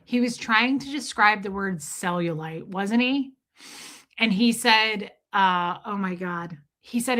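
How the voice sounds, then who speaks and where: Bright, chatty woman streamer. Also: medium pitch, takes it slowly. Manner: chatty storyteller who laughs and swears freely. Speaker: livestream host. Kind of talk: casual livestream chat with viewers.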